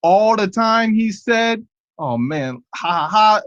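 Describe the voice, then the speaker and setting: High-voiced man hosting a comedy show. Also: expressive, slow, a bit bright, no echo. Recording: dull, dry video-call audio.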